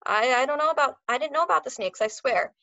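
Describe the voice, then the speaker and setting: A man's voice: very high-pitched, quick pace, creaky, bright, forceful tone, no echo, dull audio, voice pushed up, full character voice. A woman voicing a nervous, defensive construction foreman in a storybook reading. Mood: flustered. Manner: flustered, defensive.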